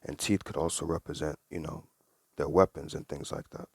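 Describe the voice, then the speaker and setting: Deep-voiced man explaining scripture. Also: steady tone, moderate pace, creaky, a little mellow, husky, no room sound, studio quality. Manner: earnest, conversational, reads verses then explains them. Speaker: Bible teacher. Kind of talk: casual Bible study commentary.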